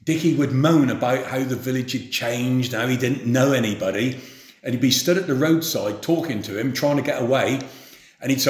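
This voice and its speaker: A man telling unhurried, anecdotal stories about his days as a farmhand. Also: mid-range voice. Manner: unhurried, anecdotal, hesitant fillers. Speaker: former farmhand reminiscing. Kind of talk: spoken reminiscence. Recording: roomy echo.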